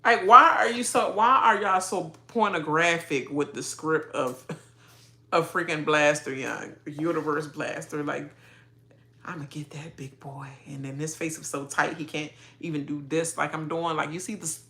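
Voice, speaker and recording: Sassy, animated woman ranting about reality TV. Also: sits low, moderate pace. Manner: sassy, animated, laughs often. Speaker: reality TV reaction vlogger. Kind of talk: casual reaction rant.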